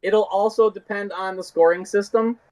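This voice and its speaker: A man as a guest on a casual sports podcast, speaking haltingly with frequent pauses and fillers. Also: sits high, fairly even intonation, a little mellow, no echo, rough recording. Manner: hesitant, halting, with many fillers and restarts. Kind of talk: casual fantasy football chat.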